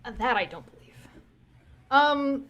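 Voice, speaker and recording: A woman's voice: high-pitched, lively intonation, unhurried, dull audio. A woman running a tabletop game, matter-of-fact and teasing. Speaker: game master.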